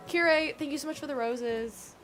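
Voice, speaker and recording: A woman's voice: sits high, normal speed. A woman from the United States chatting casually while she livestreams a video game. She rambles, pokes fun at herself, and fills her sentences with "um" and "like". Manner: chatty, rambling, self-deprecating, many fillers. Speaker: gaming livestreamer. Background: game music.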